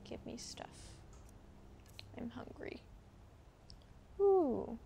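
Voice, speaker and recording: A woman's voice: a little high, lively intonation, a little slow, creaky, slightly rough. A young woman giving bubbly, chatty commentary as she plays a video game for the first time. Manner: bubbly, chatty, exclaims often. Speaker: gamer playing a first playthrough. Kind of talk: casual gameplay commentary. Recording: game music playing behind.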